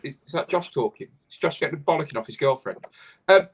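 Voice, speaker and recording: A man's voice: on the high side, lively intonation, fast talker, husky. A man hosting a live stream, ranting animatedly in casual chat and swearing freely. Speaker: host.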